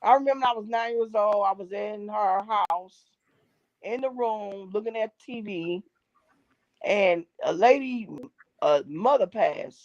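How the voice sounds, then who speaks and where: This middle-aged gospel singer and drummer speaks unhurriedly in a medium-pitched, slightly mellow voice. As an interview guest she delivers an emphatic, preachy faith testimony, repeating key phrases, and the audio is dull, dry and lo-fi.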